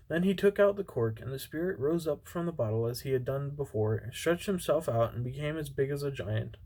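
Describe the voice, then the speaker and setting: A man's voice: mid-range voice, lively intonation, fairly quick, hardly any pauses, mellow, poor audio. A man reading a fairy tale, stumbling. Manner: unpolished, with stumbles and restarts. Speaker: amateur reader.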